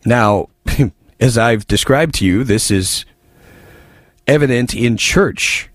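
A man's voice: medium pitch, takes it slowly, no room sound. A man hosting a political talk radio show, reading listener messages with wry asides.

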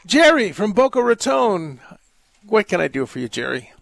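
A man's voice: high voice, sing-song, moderate pace, a bit bright, dry recording. A man, a priest hosting a call-in radio show, giving earnest pastoral advice with jovial asides. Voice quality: gravelly. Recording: dry close studio mic.

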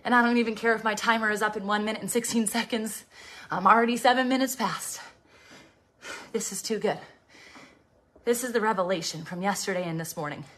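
Pedaling an exercise bike and short of breath, a woman preaches a devotional message with fervent passion, often sinking into a whisper. She's a preacher and fitness host with a mid-range, fairly bright voice, speaking briskly and pausing often.

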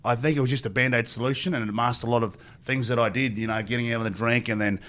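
A man's voice: medium pitch, fairly even intonation, quick pace, fairly bright tone. A middle-aged man with an Australian accent, a former rugby player telling long rambling stories as an interview guest and acting out what others said. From Queensland, Australia. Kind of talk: storytelling interview.

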